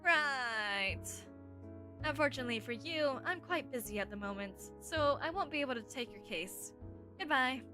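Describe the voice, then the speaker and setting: A woman's voice: high-pitched, lively intonation, normal speed, over music. Blunt, wary woman investigator, read by a woman.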